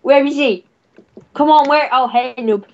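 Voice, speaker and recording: A woman on casual voice chat while playing an online game, teasing and cheering loudly and swearing often. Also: high-pitched, measured pace. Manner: rowdy, profane, teasing, cheering others on. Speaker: player in an online wrestling game. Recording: slightly muffled voice chat.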